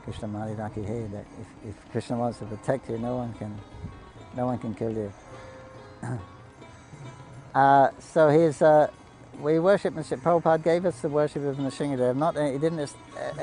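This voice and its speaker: Dark-voiced man telling devotional stories. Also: medium pitch, steady tone, faint music behind, poor audio. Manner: anecdotal, halting, quotes people in the story. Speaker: devotee storyteller on a pilgrimage broadcast. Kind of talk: devotional storytelling talk.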